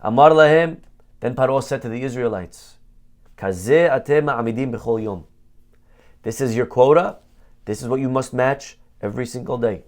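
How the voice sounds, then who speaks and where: Gravelly rabbi giving an animated lesson. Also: male voice, medium pitch, fairly quick. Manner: animated storytelling peppered with Hebrew terms. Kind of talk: Torah lesson sermon.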